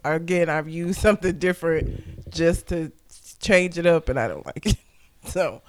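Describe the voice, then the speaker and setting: A woman's voice: fairly low pitch, moderate pace. A young woman co-hosting a casual chat, candid and laughing often as she tells stories. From Southern United States. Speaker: podcast co-host.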